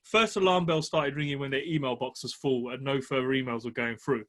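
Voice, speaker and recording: Animated man telling a story. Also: medium pitch, a little fast. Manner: animated, laughs while telling. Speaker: property podcast co-host. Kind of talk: casual storytelling.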